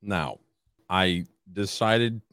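A man co-hosting a podcast in casual chat, talking in a measured, wry and teasing way. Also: deep voice, a bit bright, no room sound, studio quality. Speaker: podcast co-host.

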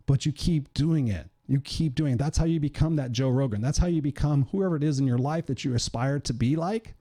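A man's voice: on the high side, brisk, dark tone. A middle-aged man, a podcast host and coach, giving a blunt, profane motivational monologue in a direct, tell-it-like-it-is way.

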